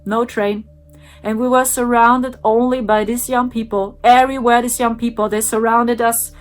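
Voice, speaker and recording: A woman's voice: a little high, a bit bright. Woman telling a strange story. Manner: earnest, wondering, with repetitive sound effects. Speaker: spiritual channel host. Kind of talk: personal storytelling.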